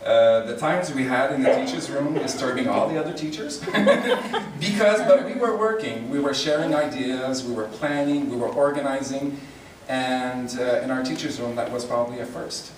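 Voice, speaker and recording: A man's voice: mid-range voice, moderate pace, hardly any pauses, a crowd in the background. A man reading a friendly award tribute to a colleague. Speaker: award co-presenter. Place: large convention hall. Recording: echoey hall, distant mic.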